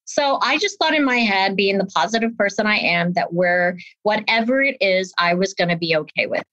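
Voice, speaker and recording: A woman's voice: medium pitch, normal speed, dry recording. A woman in her fifties, an interview guest, telling a personal story animatedly and acting out the voices of the people in it. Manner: animated storyteller who acts out quoted voices. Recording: dull lo-fi dry sound.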